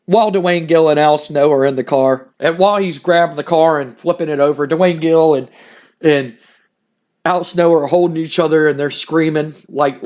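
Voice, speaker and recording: A man's voice: a little high, a little mellow. A man casually narrating a wrestling simulation game, rambling, cursing and chuckling as he goes. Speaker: game streamer.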